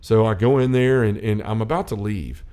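Mellow-voiced man telling a story. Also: fairly low pitch, moderate pace, smooth. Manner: earnest storytelling, many restarts and quoted dialogue. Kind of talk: faith-based casual chat.

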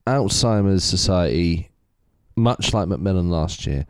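A man co-hosting a casual podcast, relaxed and supportive. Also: low voice, unhurried, a little hiss or hum. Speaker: podcast co-host.

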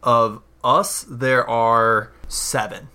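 A man narrating a tabletop role-playing game as game master, halting and full of fillers. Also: mid-range voice, bright, forceful tone, smooth.

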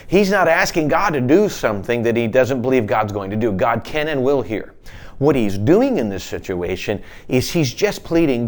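A man's voice: mid-range voice, animated, normal speed. A man preaching a sermon as a pastor, earnest, often voicing prayers in a pleading tone, with some restarts.

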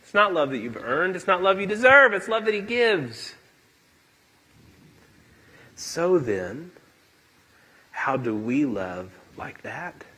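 A male pastor preaching a sermon in a church, emphatic and animated, acting out quotes. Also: on the high side, slow, pauses often, slightly rough, poor audio.

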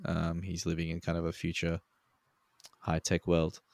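A man with a very low, gravelly voice talks through a laid-back, rambling podcast chat and swears often. The sound is close and dry. He is a co-host on a remote call. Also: monotone, moderate pace, a little mellow, dry recording.

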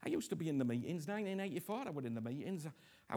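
Man, middle-aged preacher, fairly high voice, hushed then booming, repetitive pleading sermon. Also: lively intonation, very fast, few pauses. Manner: swings from hushed whispers to loud impassioned pleading; repeats himself, asks "you understand me?" often.

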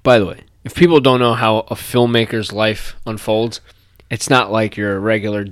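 A man's voice: on the low side, steady tone, moderate pace, no room sound. A man co-hosting a podcast in loose casual chat, rambling through asides. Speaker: podcast co-host.

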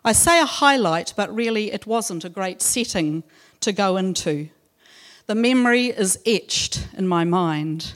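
Woman, mid-pitched, slow devotional delivery with gentle humour; reads scripture, then shares her testimony. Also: lively intonation. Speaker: church speaker sharing a testimony. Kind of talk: devotional talk and personal story.

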